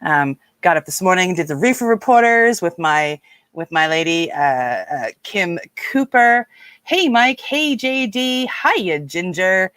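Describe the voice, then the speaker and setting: A woman's voice: on the low side, animated, measured pace, fairly bright tone, no room sound. A woman from Nova Scotia, hosting a casual live stream, chatty and rambling as she greets viewers by name. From Nova Scotia, Canada. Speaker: livestream host.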